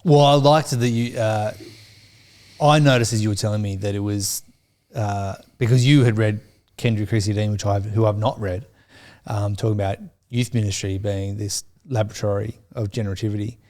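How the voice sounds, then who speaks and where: A middle-aged man co-hosting a church podcast, thinking aloud in a slow, hesitant way with many fillers. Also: fairly low pitch, steady tone, darkish tone. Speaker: podcast co-host. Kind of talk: reflective podcast chat.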